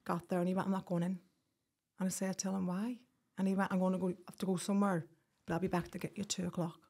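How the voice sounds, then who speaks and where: A woman telling a painful personal story as a podcast guest, halting and restarting, acting out what people said. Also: lowish voice, flat delivery, vocal fry, a little mellow. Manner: halting, with restarts and quoted speech. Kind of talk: emotional personal account.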